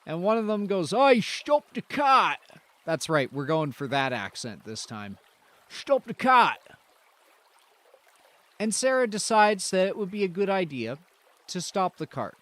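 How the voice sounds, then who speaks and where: A man from Canada narrating a role-play stream as game master, laid-back and unhurried. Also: sits high, very animated, dry recording.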